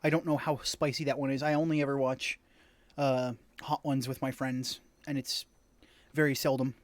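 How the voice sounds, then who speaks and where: A man's voice: mid-range voice, flat delivery, moderate pace, no echo. A man streaming a video game, reading its text aloud and chatting casually with rambling asides to viewers. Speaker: gaming streamer.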